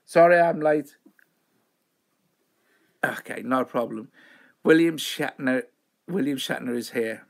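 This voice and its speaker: A man's voice: medium pitch, slow pace, vocal fry, pauses often. A man hosting a live show, chatting in a rambling, self-mocking way. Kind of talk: casual live-stream chat.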